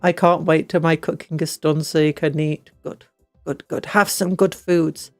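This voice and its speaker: A woman's voice: low voice, fairly even intonation, normal speed, no room sound, faint music behind. A British woman streaming a game, reading upgrades aloud and making jokey asides. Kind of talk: casual gameplay chat.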